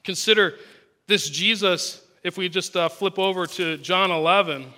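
A man's voice: high voice, normal speed, sharp tone. A man preaching a sermon, reading scripture verses aloud and explaining them earnestly.

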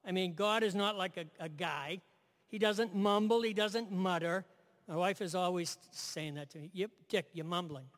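A man's voice: high voice, normal speed, a bit bright, in a large hall. A man preaching a sermon in a conversational way, asking his listeners "right?" and repeating key phrases.

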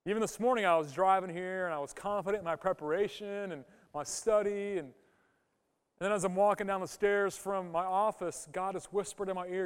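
Pastor guy preaching, high smooth voice, lots of questions at the crowd, long echo in the church. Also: steady tone, brisk. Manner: emphatic, rhetorical questions to the congregation. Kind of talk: sermon. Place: church sanctuary.

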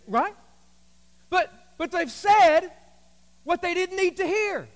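High-voiced pastor preaching in a reverberant church. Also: male voice, slow, pauses often. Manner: conversational, humorous, animated storytelling. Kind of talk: sermon. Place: church sanctuary. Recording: long hall reverb from a church.

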